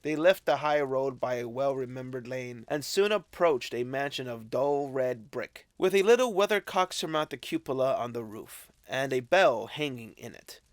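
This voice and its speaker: A man narrating a classic novel as an audiobook, with expressive, unhurried storytelling. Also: medium pitch, dry recording. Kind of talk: scripted narration.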